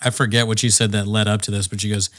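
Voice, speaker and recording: A man's voice: fairly low pitch, flat delivery, quick pace, fairly bright tone. A young man from Virginia, casually telling rambling comic stories on a podcast and acting out the people he quotes. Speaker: podcast co-host. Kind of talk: casual comedy podcast chat.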